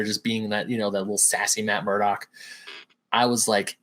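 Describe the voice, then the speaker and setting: A man co-hosting a casual podcast, explaining his award picks with excitement. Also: lowish voice, normal speed. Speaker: podcast co-host.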